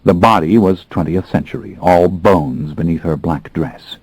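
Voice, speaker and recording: A man reads a first-person audiobook in a very deep, husky voice. His delivery is brooding and measured, slowing and quickening with the story. The recording is dry and close. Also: no room sound, rough recording. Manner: measured, brooding, expressive pacing. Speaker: audiobook narrator.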